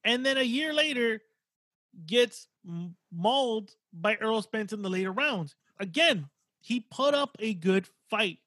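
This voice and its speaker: A man with a high voice, talking through a boxer's record in a loose, rambling way and swearing now and then. He corrects himself as he goes. The recording is dry and close. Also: animated, a little slow, pushed and bright, no room sound. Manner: analytical, rambling, casual swearing. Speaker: boxing podcast co-host. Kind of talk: casual chat.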